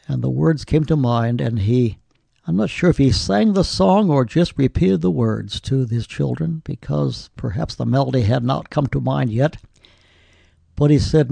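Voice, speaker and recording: A man preaching a sermon, telling stories and quoting scripture in a slow, deliberate way. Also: mid-range voice, mellow, no room sound. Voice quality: gravelly. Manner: slow, deliberate delivery with scripture quoted in old English.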